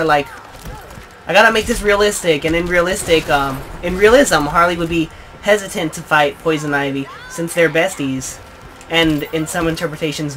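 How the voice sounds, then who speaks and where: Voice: medium pitch, a bit bright, slight background noise. A gaming channel host giving casual, rambling let's play commentary, full of fillers and asides to viewers. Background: game sound.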